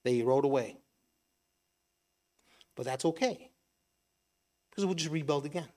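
A man's voice: on the high side, unhurried, darkish tone. A middle-aged man giving a conversational sermon, asking rhetorical questions and briefly acting out imagined voices. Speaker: preacher.

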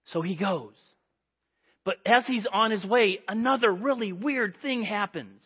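Higher-voiced husky guy preaching, acts out the voices, kinda dull lo-fi sound. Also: measured pace. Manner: animated storytelling, acts out quoted voices. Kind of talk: sermon.

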